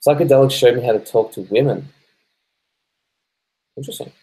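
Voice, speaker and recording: In a low-quality recording, a laid-back, stoned Australian man reads viewer comments on a casual live stream, swearing freely and laughing often. His voice is medium-pitched and warm, and he talks fairly quickly.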